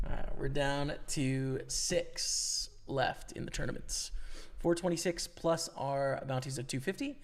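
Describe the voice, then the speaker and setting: A man's voice: mid-range voice, slow. A young man chatting casually with his stream chat and thinking aloud about poker hands, his voice worn from talking. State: losing his voice. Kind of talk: live-stream commentary.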